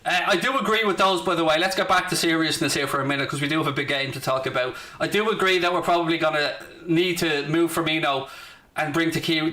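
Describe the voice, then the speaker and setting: Brash Dublin man with a bright voice. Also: on the high side. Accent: Dublin Irish. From Ireland (South Dublin). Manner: brash, sarcastic, swearing banter. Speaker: football watchalong streamer. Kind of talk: casual live-stream chat.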